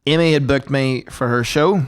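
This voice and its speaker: Man, podcast co-host, storytelling, swears, average pitch. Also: moderate pace, clear, resonant tone. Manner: swearing, animated anecdote-telling. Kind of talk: casual storytelling chat.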